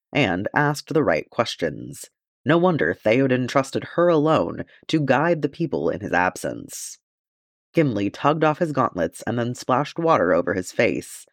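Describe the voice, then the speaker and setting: A man narrating a fantasy fan fiction chapter as an audiobook, in an expressive, steady storytelling way. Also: medium pitch, no echo, clean studio sound.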